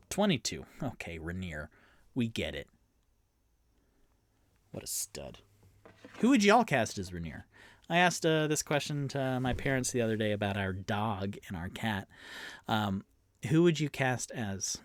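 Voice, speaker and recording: Unhurried man running a solo tabletop game. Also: medium pitch, dry recording, studio quality. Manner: chatty, digressive, self-mocking. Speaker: game master and solo player.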